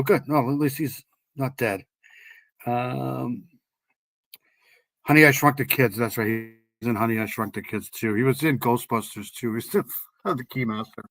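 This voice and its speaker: A man's voice: medium pitch, no room sound. A man with a New England accent hosting a casual true crime livestream, rambling with many ums and restarts. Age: older.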